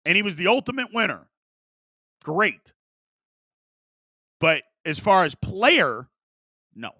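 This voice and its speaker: A man's voice: a little high, bright, forceful tone, dry recording, studio quality. A man hosting a sports talk show, arguing his opinions emphatically and repeating points for emphasis.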